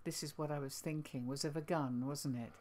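A woman's voice: low-pitched, fairly even intonation, fairly quick, mellow. A woman co-hosting a podcast, reminiscing casually and prompting her partner with questions. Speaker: podcast co-host. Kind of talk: casual conversational chat.

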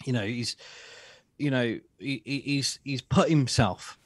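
A man's voice: medium pitch, unhurried, husky, no room sound. Sarcastic man, dry sound. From England. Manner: sarcastic, repeats himself while building a point. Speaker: guest, author and social commentator. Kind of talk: casual podcast conversation.

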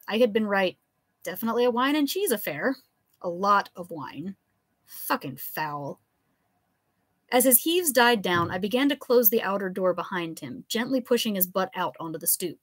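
In a dry recording free of room sound, a woman performs a live reading of the comic novella she wrote. Her storytelling is vivid and animated, and her pitch swings a lot.

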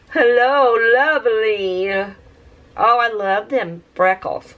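A woman craft vlogger casually narrates her tie-dye session while working, gushing over the colors in a mid-range voice at a slightly slow pace. She talks softly to the colors and sometimes drops into whispers. The audio is dull.

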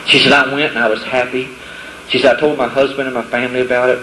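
A man's voice: mid-range voice, little pitch movement, fast, pushed and bright, slight background noise. A middle-aged man giving a folksy testimony to young people, acting out the voices of the people in his stories. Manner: storytelling, acts out quoted voices, folksy grammar. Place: camp meeting hall. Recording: echoey hall with faint ambience.

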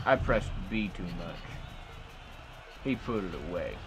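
A man's voice: deep voice, animated, unhurried, noisy background. A man giving playful gameplay commentary as a streamer, joking and talking back to the game characters. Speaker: let's play streamer.

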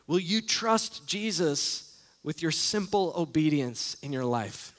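A man with a notably high voice delivers an earnest, emphatic sermon as a pastor. He drives his points home by repeating key phrases, and his voice rings through the long echo of a large church sanctuary. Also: lively intonation, takes it slowly. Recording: echoey church hall.

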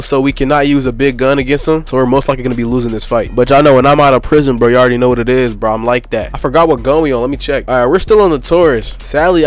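A young man giving casual gameplay commentary, hyped and full of slangy trash talk. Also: mid-range voice. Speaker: gaming YouTuber.

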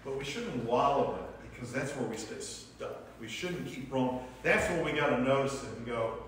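A man's voice: mid-range voice, expressive, moderate pace, a bit bright, slight background noise. A man leading a church class lesson in a conversational way, asking the class questions and acting out inner voices. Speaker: Sunday school teacher. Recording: echoey room from a distant mic.

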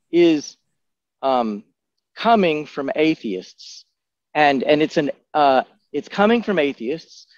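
A man's voice: a little high, dry recording. A man, a pastor, moderating a Bible study discussion, speaking carefully with many stammers and restarts. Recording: dry, dull lo-fi audio.

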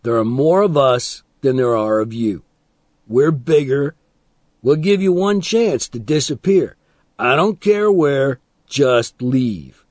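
A man voicing a calm, menacing older teenage gang leader in an audiobook, patiently making smooth threats. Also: medium pitch, takes it slowly, dry recording, clean studio sound. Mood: calm menace.

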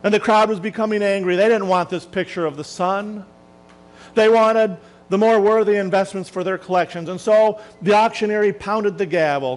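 A man preaching a sermon as a minister, telling a story dramatically and slowing down for emphasis. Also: sits high, steady tone, faint music behind, poor audio.

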